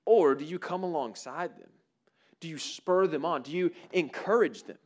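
A man's voice: on the high side, moderate pace, a little mellow. A man preaching a sermon to students in a conversational way, with frequent fillers and repeated words. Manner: conversational, many fillers and restarts.

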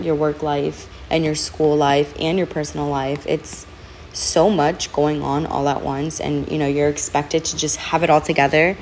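A young woman with a lowish voice vents in a loose, rambling podcast monologue, full of "like" and "literally". She sounds a little worn down from back pain. The poor mic leaves a faint hiss underneath her. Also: darkish tone. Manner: candid, rambling, frequent "like" and "literally". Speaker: podcast host. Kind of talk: casual venting monologue.

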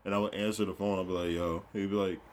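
Profane, joking young man with a low voice. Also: little pitch movement, racing, a little hiss or hum. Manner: profane, joking, laughs a lot. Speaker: podcast co-host. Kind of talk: casual chat.

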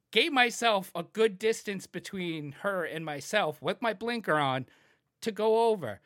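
A man in his thirties from New England, telling profane, animated road stories in a casual chat and shouting the lines he quotes. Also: very high-pitched, no echo, clean studio sound.

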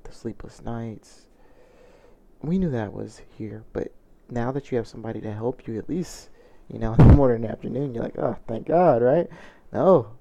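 A man's voice: medium pitch, vocal fry, dark tone. A man telling a personal story in a confessional vlog, earnest and reflective, often restarting his sentences. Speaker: vlogger.

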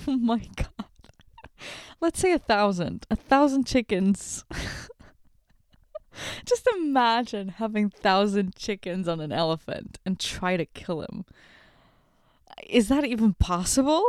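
A woman hosts a casual solo podcast, rambling and giggling through self-deprecating jokes while wired on late-night coffee. Her medium-pitched voice is animated but slow, with long pauses, recorded in studio quality on a podcast microphone with no echo.

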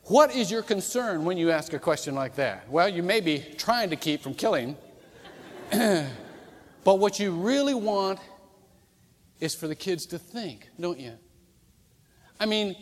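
A man preaching a sermon as pastor, animated and humorous, acting out quoted voices as he goes. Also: sits high. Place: church sanctuary. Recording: reverberant church hall.

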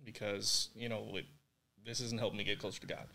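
A man's voice: fairly low pitch, little pitch movement, a little fast, vocal fry, sharp tone. A young man raised in Puerto Rico, a podcast guest earnestly recounting his faith journey, with many "like"s and "you know"s. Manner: earnest and reflective, heavy use of "like" and "you know". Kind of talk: candid interview conversation.

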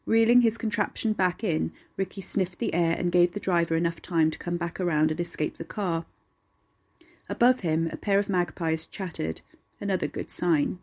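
A woman, reading a dark story aloud at a steady, measured pace. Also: on the low side. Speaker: narrator. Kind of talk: storytelling narration.

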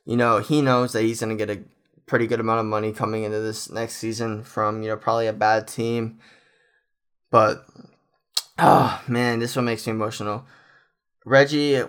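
A man's voice: fairly low pitch, a bit bright, clear, resonant tone. A young man in the middle of a loose, rambling fan monologue. He sounds openly emotional and effusive, and he keeps circling back on his own thoughts. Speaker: fan commentator.

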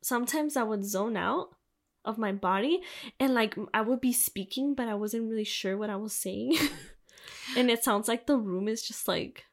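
Her voice is a little high and she speaks at a moderate pace. She's a young podcast co-host in a casual, candid chat, laughing often and cursing without restraint.

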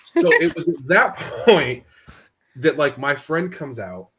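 A man's voice: on the high side, slow pace, noisy background. A man co-hosting a podcast, telling a story in casual chat, swearing freely and acting out the voices in it. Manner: animated, swearing, acts out quotes. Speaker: podcast co-host.

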